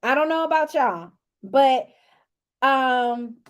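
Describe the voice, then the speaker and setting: High-voiced woman, sassy recap vlogger, casual and teasing. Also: slow. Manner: sassy and animated, teasing asides. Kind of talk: casual chatty commentary.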